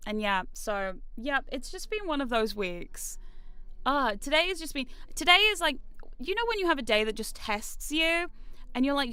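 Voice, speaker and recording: New woman streamer, high-ish crisp voice, rambly and self-deprecating, dry close sound. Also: expressive, moderate pace, sharp tone, no room sound. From New Zealand. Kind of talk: casual stream chat. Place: home streaming room.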